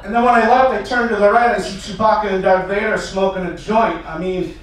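A young man from Massachusetts doing a stand-up comedy set, telling stories with frequent "uh"s and building to loud acted-out rants. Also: sits high, fairly even intonation, brisk, distant mic. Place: small stage venue. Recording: echoey room, mic heard from afar.

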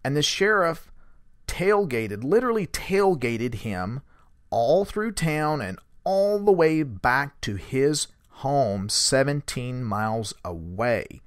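A man's voice: mid-range voice, very animated, slow, no echo. Dry-voiced male storyteller. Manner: retells events with quoted dialogue, fillers like "uh" and "you know". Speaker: podcast host recounting a witness account. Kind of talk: storytelling narration.

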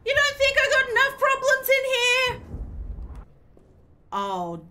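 A woman's voice: very high voice, wildly swooping pitch, takes it slowly, pushed and bright. A woman streaming a horror game, jumpy and swearing, chatting to the game's characters. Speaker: gaming streamer. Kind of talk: live horror game commentary.

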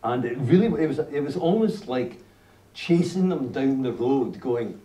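A Glaswegian man in his fifties, speaking with a Scottish accent, gives a lively talk about whisky to a live audience, telling stories and repeating "you know". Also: mid-range voice, a little slow. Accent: Scottish (Glasgow). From Scotland (Glasgow). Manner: animated storyteller, lots of "you know", frequent restarts. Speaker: whisky writer giving a talk. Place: indoor venue at a tasting event. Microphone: filmed by a distant camera in the audience. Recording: roomy, distant camera audio, faint noise.

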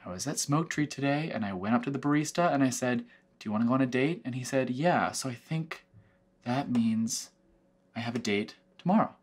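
A woman's voice: rumbling low, brisk, a little mellow, breathy edge. A woman playing a blunt, cheeky young roommate. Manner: blunt, matter-of-fact. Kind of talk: scripted web-series acting.

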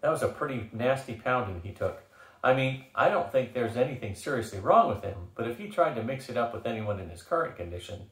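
A man's voice: medium pitch, expressive, a little fast, recorded from a distance, close to an everyday voice. An older man voicing a blunt, snappish male gargoyle in a read-aloud story. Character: gruff male gargoyle team helper. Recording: roomy echo.

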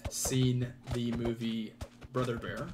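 A man's voice: medium pitch, level tone, takes it slowly, faint music behind. A man hosting a gameplay video, chatting casually with a co-player and laughing easily. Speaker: let's play host. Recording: home mic with loud keyboard clicks. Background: keyboard typing and mouse clicks.

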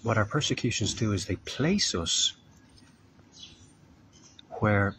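Low-voiced man preaching an earnest sermon. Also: animated, takes it slowly, fairly bright tone, slight background noise. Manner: acts out quoted voices. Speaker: street preacher. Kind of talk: informal sermon.

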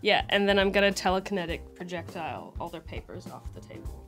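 A woman playing a tabletop game, casually talking through her character's actions and laughing easily. Her voice sits on the lower side. Faint music plays in the background. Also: big pitch swings, fast talker, a bit bright. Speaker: player.

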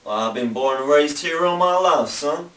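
A man's voice: on the high side, animated, moderate pace, fairly bright tone, pitched above the performer's own voice. A man voicing a folksy old-timey male bartender with a put-on American Southern drawl. He calls people sir and son in a courtly way, in an amateur comedy sketch. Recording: roomy, distant camera mic, faint noise.

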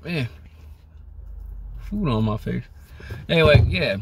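A man's voice: expressive, unhurried, a bit bright, slight background noise. Young guy just talking to his camera, super laid-back, tons of "you know"s, voice jumps up when he acts stuff out. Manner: rambling, lots of "you know" fillers; laid-back and conversational, pitch rises when acting out lines. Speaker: vlogger. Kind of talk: casual talk to camera.

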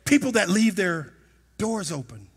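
A middle-aged man preaching a sermon in a church, telling a personal story and rising to shouts at its peaks. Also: high voice, sing-song, unhurried, breathy edge. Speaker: pastor. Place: church sanctuary.

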